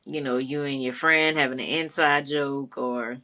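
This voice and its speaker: A woman's voice: a bass voice, fairly even intonation, moderate pace, pushed and bright. A woman co-hosting a podcast in easygoing casual chat, encouraging and laughing often. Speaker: podcast co-host.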